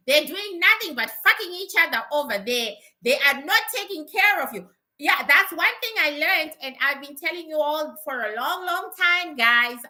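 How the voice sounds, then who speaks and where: Middle-aged woman, very bright and piercing tone, blunt profane livestream chatter who laughs a lot. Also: high voice. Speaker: spiritual teacher. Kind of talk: casual livestream chat.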